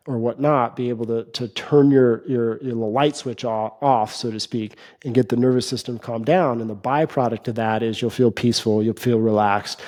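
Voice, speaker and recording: A man being interviewed, calmly explaining a breathing technique step by step, with frequent fillers and small restarts. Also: mid-range voice. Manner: steady instructive talk with frequent fillers and restarts. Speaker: interview guest, mentor.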